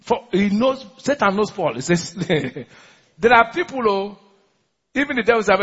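Pastor guy preaching, high lively voice, husky, lots of back-and-forth questions, big echoey church. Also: moderate pace. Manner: preaches with call-and-response questions and laughs often. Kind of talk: sermon. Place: large church hall. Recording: muffled recording in a large echoing church hall.

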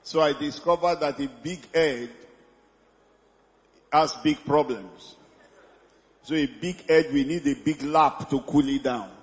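Shouting pastor, high voice. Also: male voice. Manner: exuberant, often shouting and laughing, drawn-out praise calls. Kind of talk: sermon. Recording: echoey hall with congregation noise.

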